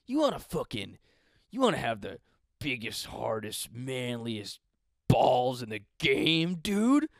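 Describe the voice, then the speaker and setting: A man mimicking a pushy male ad pitchman who booms and oversells, stretching out his words. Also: sing-song, creaky, no room sound, studio quality, exaggerated voice. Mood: hyped. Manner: booming, overselling, drawn-out words. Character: pushy male late-night ad pitchman, hyped.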